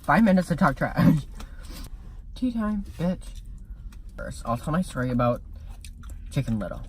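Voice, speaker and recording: A brash teenage girl trash-talks in a car with friends and laughs as she goes. Her voice is low for a girl but swings widely. A faint noise sits behind her. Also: sing-song, unhurried, darkish tone. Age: teens. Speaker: vlog co-host. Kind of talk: casual chat. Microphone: car camera.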